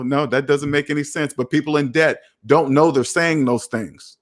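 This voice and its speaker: A man's voice: fairly high pitch, normal speed. Emphatic man ranting about debt. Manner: emphatic, preachy, with sudden excited whoops. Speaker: personal finance host. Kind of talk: casual commentary reading viewer comments.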